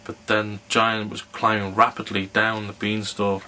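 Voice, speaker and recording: Guy reading a kids' fairy tale, bright forceful tone, faint hiss in the back. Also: on the low side, little pitch movement, normal speed, low-quality recording. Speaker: storyteller.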